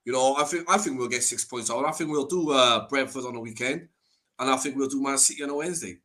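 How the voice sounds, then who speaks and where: A man's voice: mid-range voice, fast talker, pushed and bright. A male guest in a casual football chat, talking in laid-back slang and calling people bro.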